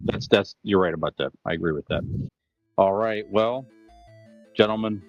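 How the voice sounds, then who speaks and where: A man's voice: lowish voice, normal speed, no room sound, lo-fi sound, faint music behind. A middle-aged man co-hosting a podcast, chatting enthusiastically and agreeably, often repeating himself. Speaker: podcast co-host. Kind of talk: casual chat.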